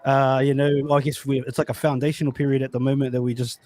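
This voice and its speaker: A man's voice: mid-range voice, little pitch movement, fast talker, darkish tone. A man hosting a podcast in casual chat, rambling with lots of fillers and restarts. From Australia. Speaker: podcast host.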